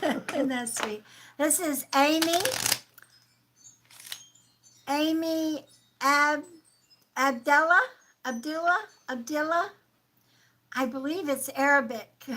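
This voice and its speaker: Soft-spoken woman giving slow psychic readings. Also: high-pitched, slight background noise, rough recording. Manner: soft, affectionate, calls viewers sweetheart, drops into whispers. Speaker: psychic medium and livestream host. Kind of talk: live-stream spiritual reading.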